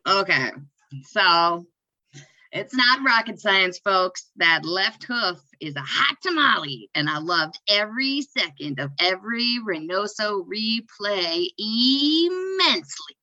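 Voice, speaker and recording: A woman co-hosting a casual sports podcast, talking slowly in a bright, sharp voice. She is playful and jokey and laughs at her own quips. The sound is dry and dull, with a lo-fi edge. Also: medium pitch, big pitch swings, no echo. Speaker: podcast co-host.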